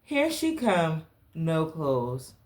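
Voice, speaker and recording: A young adult woman from the South Carolina Lowcountry, hosting a podcast and telling a personal story in a candid, animated way. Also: drawn-out words. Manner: animated, candid, dramatic pitch swings. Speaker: podcast host.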